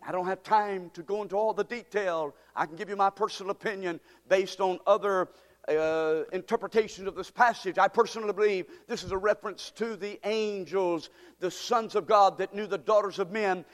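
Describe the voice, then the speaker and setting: A man preaching a sermon as pastor, emphatic, swelling louder and higher on key words. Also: steady tone, moderate pace, big-room sound.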